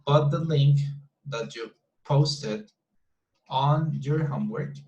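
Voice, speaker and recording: A man teaching an English class over a video call, talking in a rambling, encouraging way with frequent restarts. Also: mid-range voice. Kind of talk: online class discussion. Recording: roomy echo.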